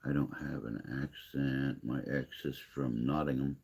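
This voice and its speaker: A man hosting a casual livestream chat, answering viewer comments in a rambling, hesitant way with long pauses. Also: extremely low pitch, steady tone, creaky, a little mellow, breathy edge. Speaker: livestream host.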